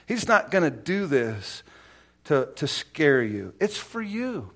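A middle-aged male pastor preaching a sermon in a folksy, personal way, swinging from hushed whispers to loud, emphatic exclamations. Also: on the high side, sing-song, takes it slowly. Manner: folksy, personal storytelling with laughter.

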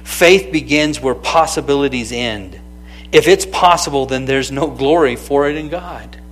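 A man preaching a sermon, lively and conversational, calling out to people in the room by name. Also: mid-range voice, a little slow. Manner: animated, calls out to people by name. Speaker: pastor.

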